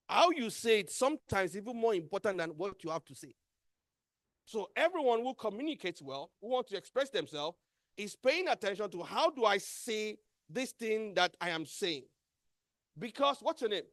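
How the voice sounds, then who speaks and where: Nigerian guy running a workshop, high-pitched, dry close sound, hammers words over and over. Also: no echo. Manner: emphatic, repeats key words, quizzes the audience. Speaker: workshop trainer. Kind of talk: motivational training talk.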